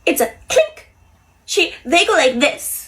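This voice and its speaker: A young woman with a stuffy nose, casually recapping a story in an animated way, acting out the lines. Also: very high voice, takes it slowly. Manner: animated storytelling, acts out quotes, frequent laughs and ums. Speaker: pop culture vlogger.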